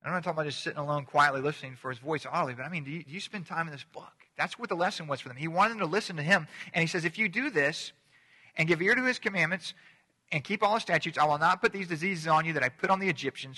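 A man's voice: fairly high pitch, fast, sharp tone. A man preaching a sermon as a pastor, in a conversational manner, often restarting and repeating words. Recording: long hall reverb.

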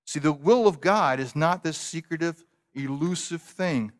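A male pastor delivers a sermon in a slightly higher than usual voice. He builds to emphatic, loud passages, then sinks into quiet, drawn-out phrases. His words ring out in a hall with a long, lingering reverb. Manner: preaching with dramatic swells and hushed drops.

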